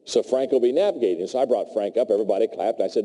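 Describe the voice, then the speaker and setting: A man telling jokey stories in a keynote talk on leadership, speaking with animated delivery. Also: lowish voice, rapid-fire, few pauses, husky. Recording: long hall reverb.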